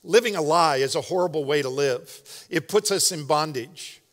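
A man preaching a sermon as pastor, in a relaxed, joking, conversational way. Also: a little high, normal speed. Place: large church sanctuary. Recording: long hall reverb.

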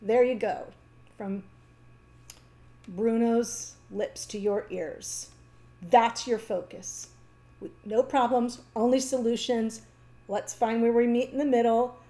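A woman giving a casual, chatty tarot reading, talking warmly to the viewer with fillers and small laughs. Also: fairly high pitch, fairly even intonation, slow, long pauses. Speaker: tarot reader.

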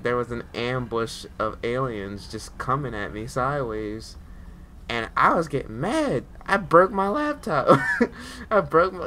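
A woman playing a horror video game and commenting, swearing at it, swinging from low mutters to loud yells. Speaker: gaming video host. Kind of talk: let's play commentary. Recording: game audio noise behind.

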